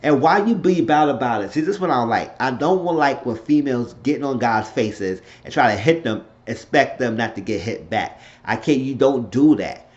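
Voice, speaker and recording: A man's voice: mid-range voice, lively intonation, moderate pace, few pauses, lo-fi sound. Blunt, opinionated man recapping. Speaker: TV show reviewer. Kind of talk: casual unscripted recap.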